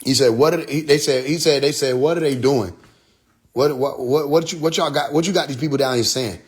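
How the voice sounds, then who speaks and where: A man's voice: mid-range voice, brisk. A man hosting a casual livestream, telling stories in a loose, profane way, laughing often and mimicking other people's voices. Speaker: livestream host. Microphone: phone.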